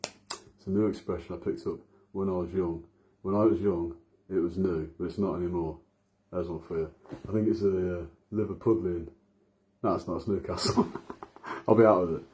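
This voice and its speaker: A man's voice: deep voice, steady tone, moderate pace, mellow. A man in his thirties with a Midlands accent, rambling through a late-night vlog monologue with self-mocking asides. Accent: English Midlands. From English Midlands. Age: 30s. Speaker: vlogger. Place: home room at night.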